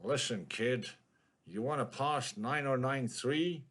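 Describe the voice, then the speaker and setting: A man's voice: fairly low pitch, expressive, slow, pitched below the performer's own voice. A man reading a noir story aloud in the voice of a hard-boiled male detective, with clipped, brooding narration. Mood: tough.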